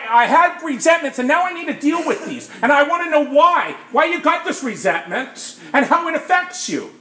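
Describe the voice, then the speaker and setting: A man sharing his recovery story with a group in testimony style, emphatic, often asking "Right?" and getting louder at times. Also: extremely high pitch, reverberant.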